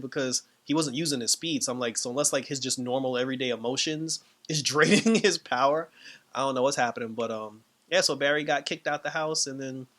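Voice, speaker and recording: A man casually recapping and reviewing a TV episode, talking in a rambling, animated way with many fillers and laughs. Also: mid-range voice. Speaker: TV show reviewer.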